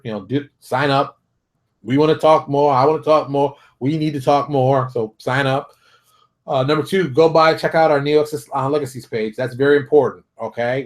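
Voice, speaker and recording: A man hosting his own show, talking straight to viewers in a fired-up, preachy rant full of rapid rhetorical questions. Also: medium pitch. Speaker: show host. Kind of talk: animated solo commentary.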